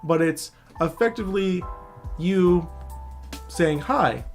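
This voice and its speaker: Soft music plays behind a man with a higher-pitched voice who speaks at a measured pace. He's a cybersecurity instructor casually covering networking basics in a screen-share tutorial, talking directly to the viewer and repeatedly asking "all right?"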